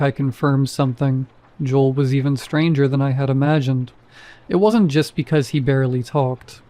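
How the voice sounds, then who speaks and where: A man's voice: medium pitch, warm tone. A man narrating a first-person horror story in a dry, wry manner.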